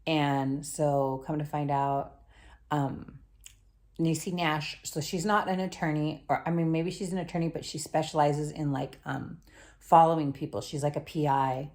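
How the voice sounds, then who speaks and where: Low-voiced woman recapping a show, slangy. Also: flat delivery, moderate pace, darkish tone. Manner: rambling and slangy, with many fillers. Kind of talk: casual spoken show recap.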